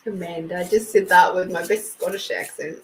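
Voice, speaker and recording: A woman's voice: lowish voice, rough recording. A woman hosting a casual live card reading, chatting with viewers by name and reading card texts aloud. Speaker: host and intuitive card reader.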